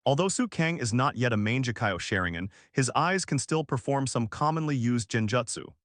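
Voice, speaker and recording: A male text-to-speech voice narrating a fantasy novel audiobook with a flat, even delivery. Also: medium pitch, normal speed, hardly any pauses, no echo, studio quality. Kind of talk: machine-read novel narration.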